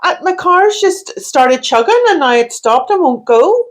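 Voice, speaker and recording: A woman's voice: high voice, lively intonation, measured pace, voice pushed up. A woman playing a flustered stranded driver.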